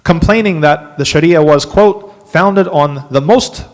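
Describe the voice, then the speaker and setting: A man, an imam, giving a workshop lecture to a live audience, animated and dropping wry asides. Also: on the high side, a little slow. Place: mosque hall. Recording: long hall reverb.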